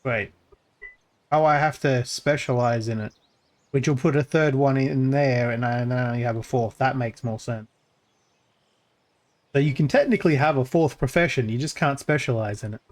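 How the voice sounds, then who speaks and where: Narrating his gameplay casually, this male streamer talks at a moderate pace with long pauses. He thinks out loud with plenty of fillers and false starts, and his voice crackles when he goes deep.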